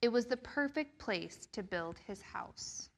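A woman reading a picture book aloud to children during a church service, slow and expressive. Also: a little high, slight background noise. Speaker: children's storyteller.

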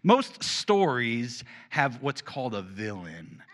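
A man's voice: medium pitch, big pitch swings, slow. A man leading a children's segment in a church service, upbeat and joking with the audience.

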